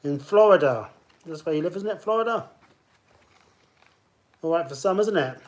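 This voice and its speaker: A man's voice: a little high, expressive, moderate pace. A man hosting a live online pub quiz, chatting and greeting players by name as he reads questions. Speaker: quiz host.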